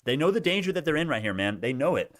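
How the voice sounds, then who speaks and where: A young man giving animated live commentary on stock prices, laughing and repeating himself, his voice worn out. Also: fairly high pitch, fast talker, no room sound, studio quality. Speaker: stock market streamer. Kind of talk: excited live market commentary.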